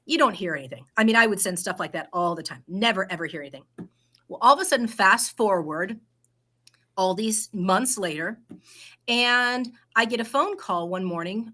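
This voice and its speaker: A middle-aged woman with a bright, clear tone tells her story as a guest in a casual interview. She is animated and acts out the people she quotes, and her pitch sits in an ordinary middle range for a woman. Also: normal speed. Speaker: guest entrepreneur.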